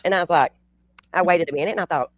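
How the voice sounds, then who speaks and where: A woman's voice: lowish voice, fast, dry recording. A woman hosting a livestream, telling a story bluntly and profanely, with rambling restarts. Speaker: channel host.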